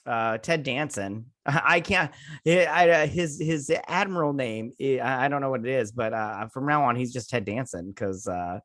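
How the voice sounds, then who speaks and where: A man's voice: mid-range voice, moderate pace, a bit bright. A man in his thirties hosting a review show, recapping an episode in a rambling, casual way, full of fillers and jokey asides.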